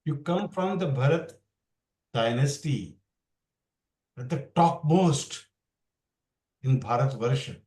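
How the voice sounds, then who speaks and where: A man teaches a casual Bhagavad Gita class, explaining scripture loosely, restarting sentences often and mixing English with Hindi. His mid-range voice is expressive and a little mellow, slow with frequent pauses, recorded far from the mic in a roomy space.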